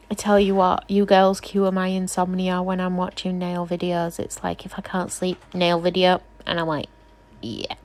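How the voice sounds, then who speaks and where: A woman's voice: on the low side, completely flat delivery, a little slow. A woman nail technician doing a casual, rambling tutorial voice-over, chatty and self-deprecating, often apologizing.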